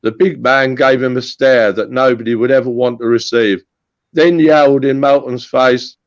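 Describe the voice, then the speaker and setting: A man swapping old anecdotes in a casual chat, animated and full of restarts. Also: mid-range voice, normal speed, dull audio. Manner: animated storytelling with repeated restarts. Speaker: guest storyteller.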